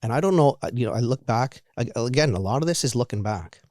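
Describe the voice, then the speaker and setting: A man in his forties telling his own recovery story in a halting, candid way, often repeating words and restarting. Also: mid-range voice, animated, darkish tone, no echo, clean studio sound. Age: 40s. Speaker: guest sharing recovery story.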